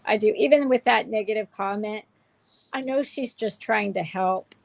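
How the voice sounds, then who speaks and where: A woman's voice: medium pitch, normal speed, gravelly, no room sound, low-quality recording. A woman hosting a candid livestream chat, speaking in a heartfelt, emotional way with many restarts. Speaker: show host.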